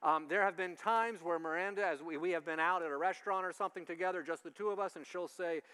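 A male pastor giving a conversational sermon, lively and acting out the voices he quotes. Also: high-pitched, quick pace, clean tone. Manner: animated, acts out quoted voices.

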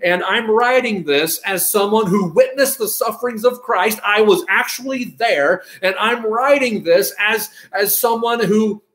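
A man's voice: high voice, a little slow, hardly any pauses, fairly bright tone, echoey room, voice pushed up. A man speaking as an apostle, pleading earnestly and with emphasis. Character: earnest apostle explaining why he writes.

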